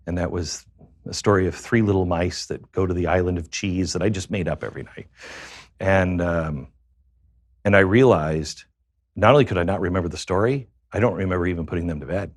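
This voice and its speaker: A man with a fairly low voice recounts a confessional personal story as a guest on a show. He speaks haltingly, pausing often and filling the gaps with fillers. The sound is dry and close, with no room echo. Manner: halting, with many pauses and fillers.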